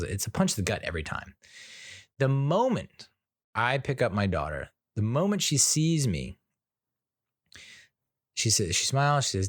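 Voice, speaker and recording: A man's voice: fairly low pitch, no echo, clean studio sound. A man hosting his own podcast, talking in a rambling, casual way with lots of fillers and wry sarcastic asides. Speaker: podcast host. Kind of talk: solo casual podcast monologue.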